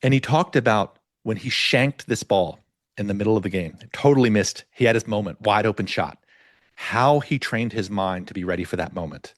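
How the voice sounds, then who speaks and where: A middle-aged man hosting a podcast, telling a story in an animated way and acting out the voices of the people in it. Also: on the low side, normal speed, no room sound, studio quality. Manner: animated storyteller, acts out quoted dialogue. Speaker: podcast host. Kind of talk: casual podcast conversation.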